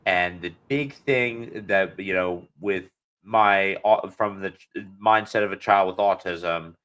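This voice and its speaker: A man's voice: low voice, slow pace, a bit bright, poor audio. Earnest young male podcast host. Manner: earnest, hesitant, with many restarts. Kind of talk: casual interview chat.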